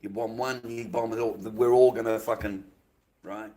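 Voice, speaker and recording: A man's voice: on the low side, fairly even intonation, moderate pace, warm tone. An Australian man ranting to his stream viewers, heated and profane, repeating himself often. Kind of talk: ranting livestream monologue.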